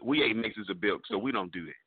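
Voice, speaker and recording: A man's voice: lowish voice, expressive, fast, slightly rough, no room sound. A man co-hosting a casual morning show, teasing bluntly in heavy slang. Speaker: co-host. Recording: tinny phone-like audio.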